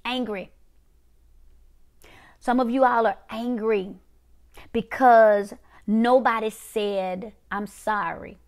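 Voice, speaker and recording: A woman preaching, emphatic and repetitive, dropping to quiet one-word punches. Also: on the high side, steady tone, takes it slowly, pauses often. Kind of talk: prophetic preaching to a viewing audience.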